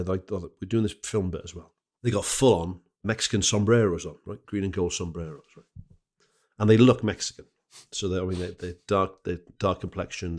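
A man on a podcast telling a lively pub anecdote, acting out the other voices. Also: low voice. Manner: animated storyteller, acts out the other voices. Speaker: podcast co-host.

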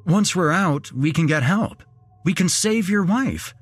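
A man's voice: sits high, animated, unhurried, slightly rough, no echo, faint music behind, pitched above the performer's own voice, exaggerated voice. A man voicing a shaken young man who stammers and forces his words out, in a horror audio story. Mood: urgent. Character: shaken young man, first-person narrator hero.

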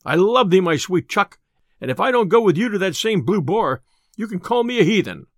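Man voicing a boisterous tinker, blustering, lively pitch, audiobook. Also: brisk, no echo, studio quality. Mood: hearty. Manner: loud, boastful old-style speech.

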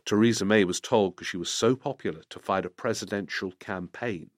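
A middle-aged man with a fairly low voice, recorded dry and close. He hosts a political podcast and answers listener questions in loose, unscripted commentary. He thinks out loud, stumbling and restarting sentences as he goes. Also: a little fast, dry recording. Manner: thinking aloud, with restarts and stammers.

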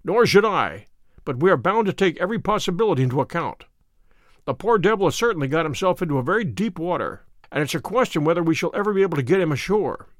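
A man voicing Sherlock Holmes, a musing, brisk male detective, in a dry read story. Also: fairly high pitch, expressive, no echo, lightly acted. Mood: reflective.

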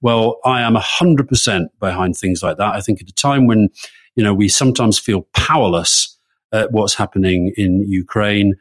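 Male podcast co-host, lowish voice, lively amused storyteller in relaxed chat. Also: moderate pace. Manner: animated anecdotal storytelling, amused. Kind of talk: casual political chat.

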